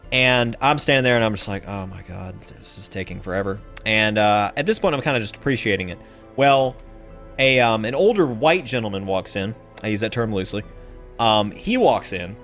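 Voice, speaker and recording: A man telling a rambling anecdote to his viewers, swearing casually and with lots of fillers. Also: on the low side. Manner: rambling, swearing, animated storytelling. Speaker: streamer telling a story.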